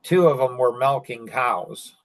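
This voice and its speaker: A man in his sixties tells a story in a laid-back podcast conversation at an unhurried pace. He rambles and restarts often, and his voice sits at a middling pitch. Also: rough recording. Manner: rambling and halting, with many fillers and restarts.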